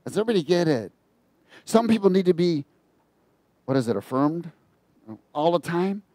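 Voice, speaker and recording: Fired-up preacher, a man with a high voice. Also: normal speed, dry recording. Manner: animated, mocking and laughing at his own asides. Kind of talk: informal sermon on a psalm.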